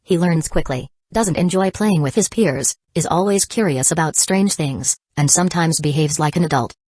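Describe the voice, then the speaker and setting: A woman reading a calm, thoughtful young father. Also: low-pitched, moderate pace, no echo, clean studio sound. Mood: reflective.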